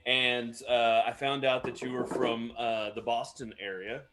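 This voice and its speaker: A man's voice: mid-range voice, steady tone, unhurried. A man co-hosting a casual live stream, rambling and joking at himself as he explains a cocktail. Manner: rambling, self-mocking explanations. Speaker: co-host mixing cocktails.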